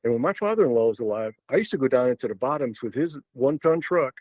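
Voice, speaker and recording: An older man with a drawl tells a story as a podcast guest, wandering through it with fillers, restarts and asides. His voice sits at an ordinary middle pitch. The sound is close and dry, with no room around it. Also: lively intonation, fast, darkish tone, no echo, poor audio. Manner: rambling, many fillers and restarts. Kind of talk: casual storytelling.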